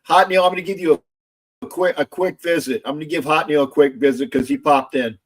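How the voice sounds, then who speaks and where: A man hosting a casual sports livestream, loud, gloating and profane, repeating himself often. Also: fairly high pitch, brisk, breathy edge. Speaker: livestream host.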